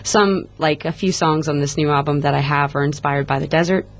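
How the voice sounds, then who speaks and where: A woman from Las Vegas with a Southern American accent, a singer-songwriter chatting as a guest in a radio studio, friendly and quick to laugh. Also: low voice, fairly even intonation. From Las Vegas, USA. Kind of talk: radio interview.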